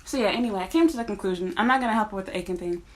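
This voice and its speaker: A woman's voice: medium pitch, rapid-fire. A woman talking casually to her viewers, blunt and profane, speaking as a teacher. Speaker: teacher in Japan. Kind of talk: casual vlog rant.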